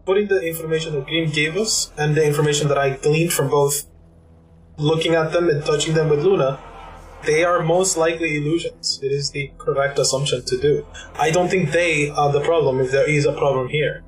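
A man's voice: on the high side, fairly even intonation, brisk, slight background noise, rough recording. A man playing a wizard in a tabletop game, explaining his reasoning and thinking aloud. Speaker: player. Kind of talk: casual tabletop play.

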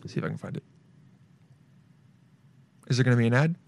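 A man's voice: medium pitch, a little fast, gravelly, noisy background. A man hosting his own show alone, chatting casually in a loose, rambling way with lots of swearing and playful asides. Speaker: podcast host. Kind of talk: casual solo show chat.

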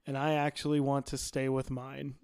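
A man's voice: mid-range voice, completely flat delivery, moderate pace, gravelly, darkish tone, clean tone, dry recording, studio quality. A man co-hosting a podcast, chatting casually and quoting favorite TV lines with relish and frequent laughter. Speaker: podcast co-host. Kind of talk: casual chat about a TV episode.

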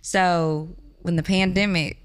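Lively young woman telling stories. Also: on the low side, slow pace, smooth. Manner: animated storytelling with frequent laughter. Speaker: podcast guest. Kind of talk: casual podcast conversation.

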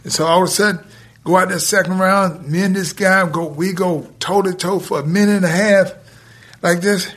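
A man telling a story from his youth in casual speech, acting out the dialogue and laughing between lines. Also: high-pitched. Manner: animated, retells scenes with quoted dialogue, laughs between lines; colloquial grammar, drawn-out pauses. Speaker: guest telling a life story.

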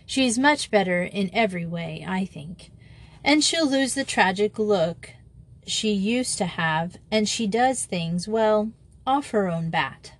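A woman voicing a young headmistress who speaks in a brisk, decided way. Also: medium pitch, animated. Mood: cheerful.

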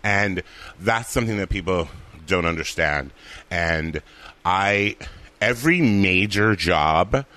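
A man's voice: low voice, slow pace, no room sound. A man, an actor and comedian, chatting casually and acting out the voices in his stories. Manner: animated storyteller, acts out quoted voices. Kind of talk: casual conversation.

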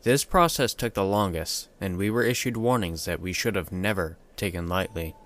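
Low-voiced man narrating a horror story. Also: moderate pace, fairly bright tone.

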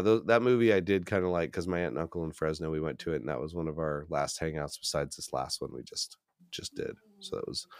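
A man co-hosting a podcast in relaxed, joking casual chat, often trailing off quietly. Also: a bass voice, no echo, studio quality. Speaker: podcast co-host.

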